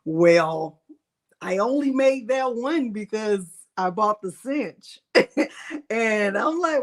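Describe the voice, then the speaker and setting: Woman in her sixties, livestream host, higher-pitched, chatty and playful. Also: animated, slow. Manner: chatty, greets viewers by name, playful fussing. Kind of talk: live Q&A chat, reading viewer comments.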